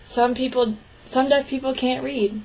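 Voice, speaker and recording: A young woman interpreting a signed interview into spoken English, speaking in short, halting phrases with restarts and frequent throat clearing. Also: high voice, steady tone, darkish tone, slight background noise, poor audio. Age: young adult. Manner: clears her throat often. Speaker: sign language interpreting student.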